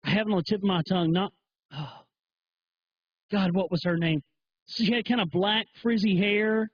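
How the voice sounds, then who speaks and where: A man's voice: high voice, moderate pace, husky, no echo. A man hosting a profane livestream, rambling and swearing a lot, over dull lo-fi stream audio. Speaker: host.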